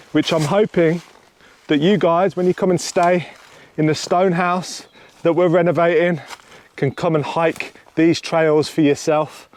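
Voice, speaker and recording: A man's voice: a little high, darkish tone. A young man vlogging outdoors on a hillside, chatty and enthusiastic as he talks to camera. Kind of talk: casual vlog to camera.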